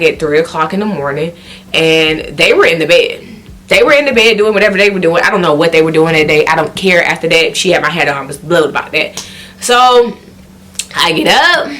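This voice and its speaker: A woman with a Southern country accent telling a story on her vlog, animated and acting out what people said in high, excited exclamations. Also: fairly quick. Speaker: vlogger.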